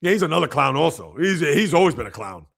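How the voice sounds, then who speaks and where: A man hosts a casual sports livestream in a raised, gravelly voice. He rambles and fires off rhetorical, exasperated questions. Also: fairly high pitch, big pitch swings, fast talker, a bit bright.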